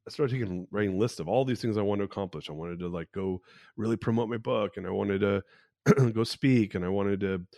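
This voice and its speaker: Low-voiced man in his forties, solo podcast host, candid rambling storyteller, dry close sound. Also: fairly quick, gravelly, a little mellow, dry recording. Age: 40s. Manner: candid, rambling, with frequent restarts and fillers.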